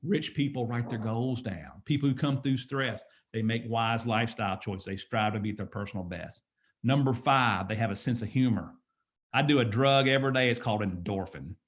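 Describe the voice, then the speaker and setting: A motivational speaker in his fifties gives an emphatic, preachy talk, frequently asking "guess what?" His voice is medium-pitched at a normal speed.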